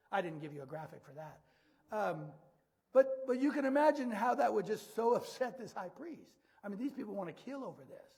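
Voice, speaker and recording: A pastor with a high, breathy-edged voice and a darkish tone preaches in a conversational style. He repeats words often and poses questions to the congregation.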